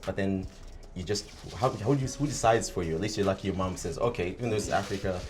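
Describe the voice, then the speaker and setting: A man from Zambia talking in a casual group discussion, telling stories fast and acting out the voices he quotes. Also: low-pitched. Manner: fast, animated storytelling, acts out quoted voices. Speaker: podcast co-host.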